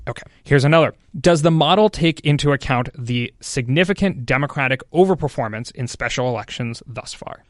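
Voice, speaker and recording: A male podcast host reading out listener questions in a casual chat, brisk and keeping things moving. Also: mid-range voice, no room sound, studio quality.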